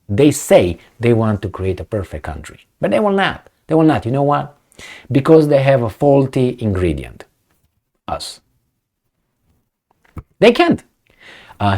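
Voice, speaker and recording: Man musing aloud with lively pitch. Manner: conversational, questioning, digressive. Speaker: commentator. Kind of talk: casual solo commentary.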